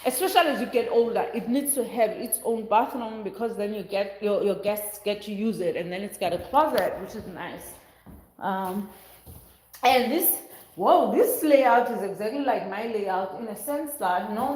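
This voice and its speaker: A woman's voice: mid-range voice, moderate pace, darkish tone. A middle-aged woman with a South African accent, chatting casually as she walks through a large house. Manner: chatty, exclaiming, rambling asides. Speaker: vlogger. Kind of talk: casual walkthrough vlog. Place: inside a large empty house under construction. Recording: echoey rooms. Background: workers and noise nearby.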